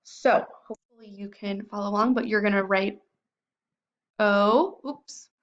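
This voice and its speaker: Woman teacher slowly sounding out phonics. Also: medium pitch, steady tone, highs cut off. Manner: slow, clear sounding out of word parts. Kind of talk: phonics lesson for young children. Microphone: computer microphone.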